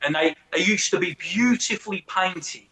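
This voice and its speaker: A man's voice: sits high, moderate pace. A man in casual chat, telling stories with lots of swearing and mimicking other people's voices. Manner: profane, animated storyteller who mimics others.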